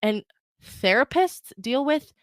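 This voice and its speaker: A woman's voice: sits high, lively intonation, slow, no room sound. Chatty woman podcast host, dry sound. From Ireland. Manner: chatty, emphatic, self-interrupting. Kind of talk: casual solo podcast talk with reading aloud.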